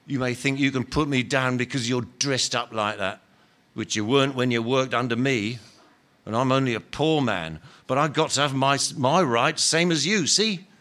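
The speaker is a man's take on a self-righteous ghost, once a workman, from a novel he reads aloud: indignant, insistent, aggrieved, and ungrammatical in a blunt working-class way. This voice sits a bit higher and pushier than the reader's own, slightly bright and natural, at normal speed.

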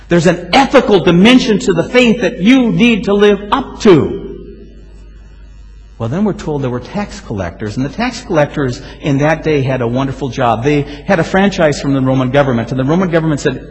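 A male pastor preaching a sermon, telling stories with lively swings and sudden loud exclamations. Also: fairly high pitch, moderate pace, soft background music. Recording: hall reverb.

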